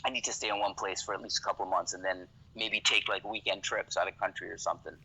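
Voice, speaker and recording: A man from Canada chatting as a podcast guest in a relaxed, casual way. His voice sits fairly low yet sounds very bright and forceful. He swears freely and keeps checking in with "you know what I mean". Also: quick pace, gravelly, husky, poor audio. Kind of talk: casual conversation.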